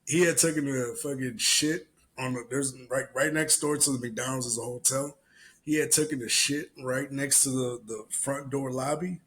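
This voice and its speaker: A man hosting a solo podcast at a middle pitch for a man. He tells loose, profane stories with plenty of energy and slips into the other people's lines as he goes. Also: moderate pace, low-quality recording. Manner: profane, animated storyteller who acts out other people's lines. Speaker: podcast host. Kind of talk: solo podcast commentary and storytelling.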